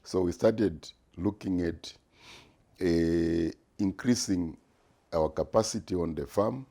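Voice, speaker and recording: This retired business executive from Zimbabwe, aged in his sixties, responds to an interviewer with deliberate, measured answers and many pauses. His voice sits low and sounds mellow.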